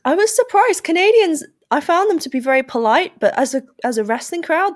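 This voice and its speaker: A young woman from England with an English accent, chatting lively and playfully as a podcast guest. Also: very high voice, brisk, no room sound, clean studio sound. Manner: lively, playful, puts on silly voices. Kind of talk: casual interview chat.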